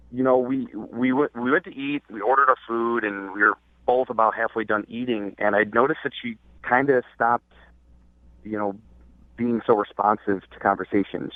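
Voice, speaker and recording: A young adult man calls in to a radio show over the telephone, his mid-range voice coming through a tinny, dry phone line. He tells a dating story hesitantly and ramblingly, with lots of fillers.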